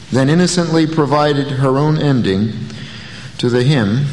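A pastor preaching a sermon, telling stories with a dry, folksy humor. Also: male voice, medium pitch, a little slow, a little mellow. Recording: long reverb, faint noise.

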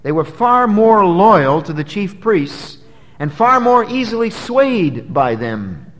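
A man preaching an expository sermon, emphatic, swinging from loud dramatic peaks to low, quiet drops. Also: very animated, takes it slowly. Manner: emphatic, dramatic rises and drops in pitch and volume. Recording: long hall reverb.

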